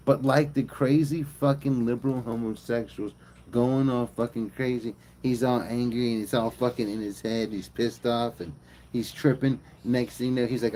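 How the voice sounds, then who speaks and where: A man streaming live, retelling a bible story as comedy in a profane, slangy, animated way. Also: mid-range voice, moderate pace, a little hiss or hum, low-quality recording.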